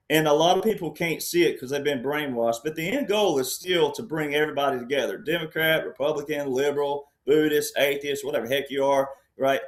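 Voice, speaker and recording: Man, panel guest, political commentary, rambling and insistent, a touch high-voiced. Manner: rambling, insistent, often says "all right".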